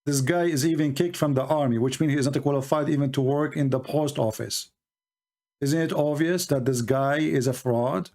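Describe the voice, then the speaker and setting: A man's voice: fairly high pitch, fairly even intonation, normal speed, a little mellow. A man debating religion and politics in a combative, mocking way, firing rhetorical questions in non-native English. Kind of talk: live call-in debate commentary.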